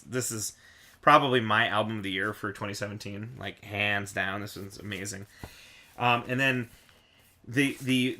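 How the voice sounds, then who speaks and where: A man hosting a podcast, chatting casually and telling lively stories. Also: on the low side, creaky. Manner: animated storyteller, shouts in re-enactments. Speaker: podcast host. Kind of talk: casual chat.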